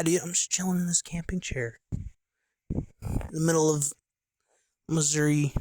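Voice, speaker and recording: A man's voice: on the high side, no echo. A man in his late twenties hosting a gaming podcast in a loose, rambling chat full of slang and fillers, sitting in a camping chair outdoors. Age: late 20s. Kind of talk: casual rambling monologue.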